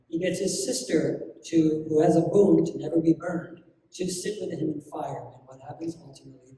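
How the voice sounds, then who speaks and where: A man teaching a class through a religious story, often asking the listeners questions and filling pauses with ums. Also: on the high side, warm tone. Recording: echoey hall from far off.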